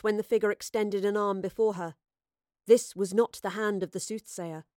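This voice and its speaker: A woman's voice: mid-range voice, no room sound. Woman narrating a storybook, dry and close. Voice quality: measured, expressive storytelling. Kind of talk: audiobook narration.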